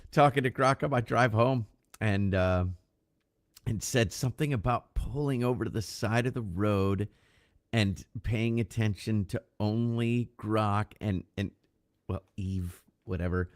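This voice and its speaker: Low-voiced, loose-talking male podcast co-host. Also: measured pace, dry recording, clean studio sound. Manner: loose and profane, with filler-heavy restarts, thanks viewers. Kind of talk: casual chat on a livestreamed podcast.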